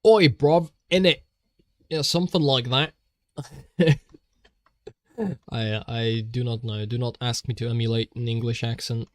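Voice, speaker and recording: A man's voice: medium pitch, steady tone, a little fast, hardly any pauses, a bit bright, dry recording. Man, livestreamer, casual rambling, joking, laughs a lot, dead-dry close mic. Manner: jokey, rambling, laughs often, restarts. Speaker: streamer. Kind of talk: rambling stream chatter while drawing.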